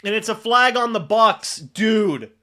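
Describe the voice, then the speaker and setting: A man hosting a live football reaction stream for his chat, excitable and swinging between loud disbelief and deflated muttering. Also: high-pitched, a little slow. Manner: talks to chat. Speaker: fan livestream host. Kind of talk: live game reaction commentary.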